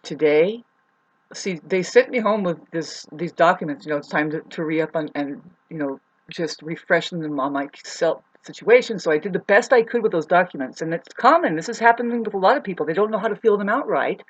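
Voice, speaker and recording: A woman's voice: lowish voice, lively intonation, fairly quick, rough recording. A woman telling a personal story to camera as a vlogger, rambling and restarting, heated and swearing. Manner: rambling, repeats herself, restarts often.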